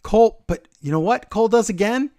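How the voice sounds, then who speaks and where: A man with a high-pitched, brisk voice co-hosts a podcast, recorded dry and clean in a studio. He chats casually about wrestling, retelling a match as an animated storyteller who acts out the quotes.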